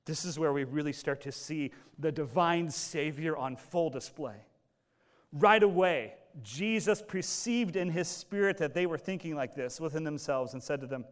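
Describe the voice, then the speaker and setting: A male pastor delivering a lively, conversational sermon, his voice sitting a bit high for a man. He animates the passage by slipping into quoted voices, rising and falling in pitch and loudness as he builds his points. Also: moderate pace.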